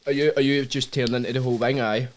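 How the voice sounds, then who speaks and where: A man's voice: mid-range voice, level tone, very fast. Host guy, laughs a lot, swears, faint hiss behind. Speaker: podcast host. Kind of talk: casual banter.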